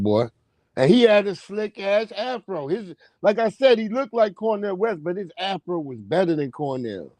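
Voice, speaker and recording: A man's voice: high voice, very animated, darkish tone, dry recording. A man hosting a livestream, telling rambling, profane stories in a casual monologue. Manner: profane, rambling, drawn-out storytelling. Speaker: livestream host.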